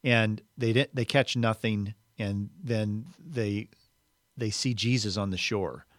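Low-voiced man preaching conversationally. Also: takes it slowly, a bit bright, no room sound, studio quality. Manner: conversational, explanatory teaching. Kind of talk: sermon explaining a Bible passage.

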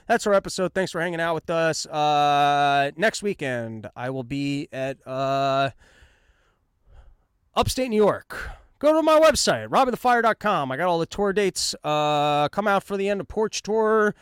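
A man with a high, smooth voice riffs alone on his comedy podcast, rambling and self-mocking as he jumps in and out of mock dialogue. The sound is dry and close, with no room around him. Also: expressive, moderate pace, no room sound. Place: his apartment.

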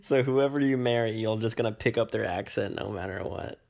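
A man's voice: lowish voice, brisk, vocal fry, darkish tone. A young man co-hosting a casual podcast chat, teasing his partner and laughing often. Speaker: podcast co-host.

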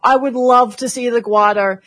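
A woman co-hosting a casual community show, chatty and quick to laugh. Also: on the high side, steady tone, a bit bright. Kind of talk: casual chat.

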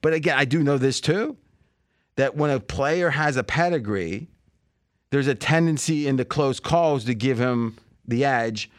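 A man's voice: medium pitch, a little slow, dry recording, studio quality. A man hosting a sports betting podcast, rambling and thinking aloud with lots of fillers and restarts. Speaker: podcast host. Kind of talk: casual sports betting chat.

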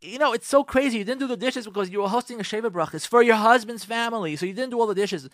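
A man's voice: sits high, fast talker, fairly bright tone, no echo, studio quality. A man hosting a radio show, giving marriage advice in an emphatic monologue that repeats lines and fires rhetorical questions at listeners. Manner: addresses listeners directly, coaxing.

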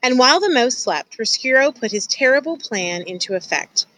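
A woman's voice: high-pitched, lively intonation, normal speed, a bit bright, no room sound, rough recording. A woman teacher reading a novel aloud to students, confiding and addressing the listener directly. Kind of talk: expressive read-aloud storytelling.

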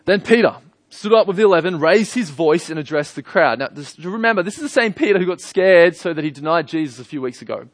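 An Australian man in his thirties preaches a sermon in a warm, chatty way, pitched a little high. He moves between earnest points and gentle jokes. His voice sounds close and dry. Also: expressive, fast, dry recording. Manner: conversational, earnest, lightly humorous. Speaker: pastor.

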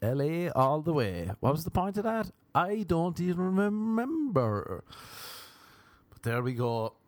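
A man's voice: a little high, big pitch swings, a little slow, no room sound. A young Irish man hosting a podcast, telling crude, rambling stories in a casual monologue. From Ireland. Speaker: podcast host.

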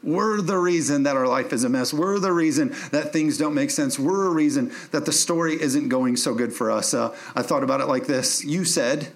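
A man's voice: mid-range voice, a little fast. A man, a pastor preaching a sermon to his church, moving from verse reading to emphatic, joking calls to the congregation.

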